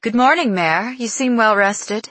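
A haughty young noblewoman who sneers through every word, proud and cutting, as a woman narrator puts her on. Her voice is pitched a little higher and louder than the narrator's own, and the recording is close and dry. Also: measured pace, no room sound. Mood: mocking. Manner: sneering, sharp-tongued.

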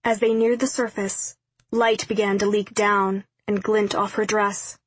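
A woman narrating an audiobook in a steady, measured reading. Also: mid-range voice, breathy edge, no room sound, low-quality recording. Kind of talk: scripted narration.

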